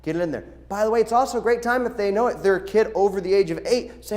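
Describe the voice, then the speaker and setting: A middle-aged man, a pastor, giving practical instructions to his church's children's workers in a lively, animated way, often acting out the voices of the people he quotes. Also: high-pitched, fast talker, few pauses. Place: church sanctuary.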